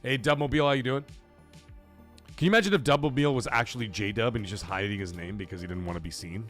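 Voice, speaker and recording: A man's voice: on the low side, fast talker, a bit bright, soft background music. A man hosting a casual live stream, talking animatedly, swearing freely and reading viewer messages aloud. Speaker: livestream host.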